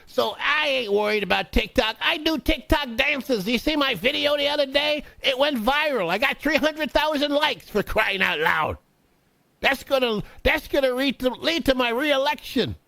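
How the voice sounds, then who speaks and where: A man's voice: very high-pitched, expressive, moderate pace, creaky, bright, forceful tone, no room sound, pitched above the performer's own voice, full character voice. A man voicing a clueless, boastful male congressman who brags and brushes off concerns. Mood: smug. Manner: smug, bragging, dismissive.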